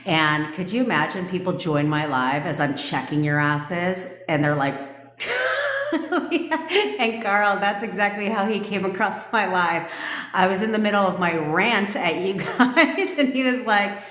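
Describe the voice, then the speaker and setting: A woman's voice: mid-range voice, animated, measured pace, fairly bright tone. A woman coaching viewers in a casual livestream, blunt and profane and often laughing. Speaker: manifestation coach. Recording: echoey room with long reverb.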